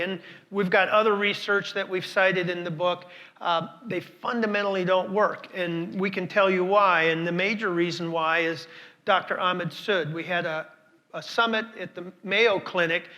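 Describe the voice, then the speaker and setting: A man's voice: high-pitched, pushed and bright. A man speaking at a conference, telling stories and repeating words for emphasis while questioning the audience. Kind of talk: conference talk.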